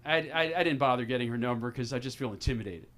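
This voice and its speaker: A man in his fifties doing a self-deprecating stand-up set at an open mic, halting and restarting often. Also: mid-range voice, fairly bright tone. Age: 50s. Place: small comedy club stage with audience.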